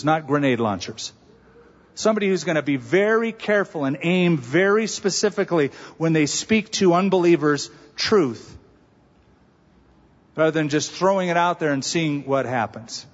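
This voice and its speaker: A man preaching a sermon as pastor, conversational with humor and emphatic stresses. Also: on the high side. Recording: dull reverberant sanctuary recording.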